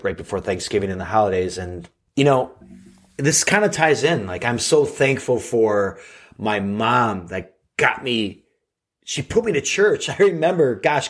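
A middle-aged man hosting a podcast, giving an earnest motivational talk full of rhetorical questions to his listeners. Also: mid-range voice. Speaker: podcast host and coach.

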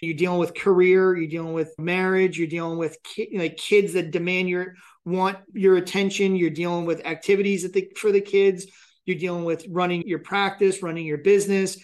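A man in his thirties hosting a podcast interview, speaking candidly and reflectively and acting out his own thoughts in quick asides. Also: high-pitched, flat delivery. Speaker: podcast host and financial advisor. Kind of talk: casual conversational interview.

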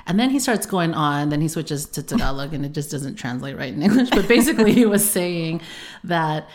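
A woman co-hosting a casual chat podcast, telling a lively story and doing impressions. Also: sits low, fairly quick. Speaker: podcast co-host.

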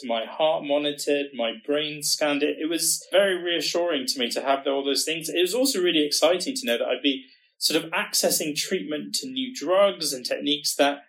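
Higher-voiced man, halting speech. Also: a bit bright, poor audio. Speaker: podcast co-host working in research. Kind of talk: podcast conversation.

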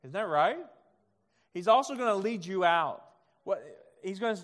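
A male pastor preaching a sermon, swinging from soft, quiet passages to loud, emphatic ones and acting out God's voice in quoted asides. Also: high voice, expressive, moderate pace. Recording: long hall reverb.

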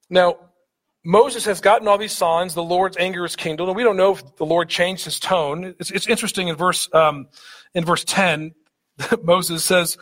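A pastor with a high, light voice delivers a sermon earnestly. He stumbles over repeated words and raises his voice whenever he drives a point home.

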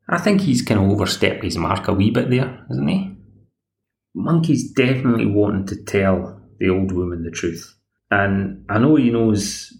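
A Scottish podcast host recaps a TV episode, chatting and rambling with wry asides along the way. His voice is on the low side and creaky, recorded in an echoey room.

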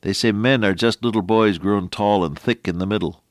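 A middle-aged man preaching a folksy radio sermon, quoting scripture in an animated way. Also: on the low side, moderate pace, no room sound, clean studio sound.

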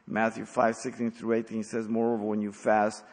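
A man preaching an expository sermon as pastor, blunt and emphatic, with sudden loud stresses. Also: fairly low pitch, completely flat delivery, normal speed, in a large hall.

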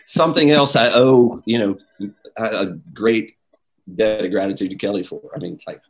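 Animated man telling a story. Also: fairly low pitch, moderate pace. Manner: animated, acts out quoted voices, many "like"s. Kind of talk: casual storytelling chat.

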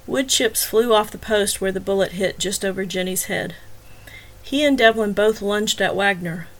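A woman narrating a novel in a measured, even voice at a middle pitch. She tells the story steadily, line by line. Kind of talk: scripted audiobook narration.

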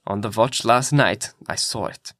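A man's voice: lowish voice, unhurried, a bit bright, no echo. Guy reading a scared half-crazy sailor, urgent, dry close sound. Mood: fearful. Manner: urgent, fearful. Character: terrified, half-mad male ship's mate.

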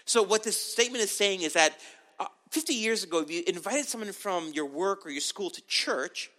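A middle-aged man from Canada preaching as a pastor in a conversational sermon style, with animated delivery and frequent asides. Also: high voice, brisk.

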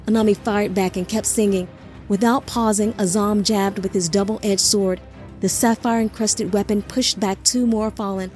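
A woman narrating an audiobook in a steady storytelling manner. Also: mid-range voice, normal speed, soft background music.

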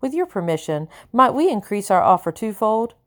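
A woman's voice: medium pitch, sing-song, moderate pace, voice pushed up, natural voice. A woman voicing a haughty colonial mistress who speaks in a cold, commanding, clipped way.

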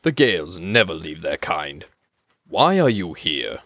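Man voicing a knight captain, commanding, bright and sharp tone, lively swings of pitch, slow delivery. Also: no room sound, full character voice. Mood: suspicious. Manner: cold, commanding, interrogating. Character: stern menacing male knight captain. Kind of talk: audio drama acting. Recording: dull lo-fi recording.

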